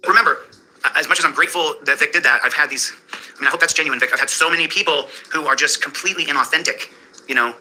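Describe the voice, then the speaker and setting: Rapid, bright-voiced man rambling. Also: on the high side, slight background noise, low-quality recording. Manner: rambling, addresses viewers by name. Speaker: livestreamer. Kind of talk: casual chat.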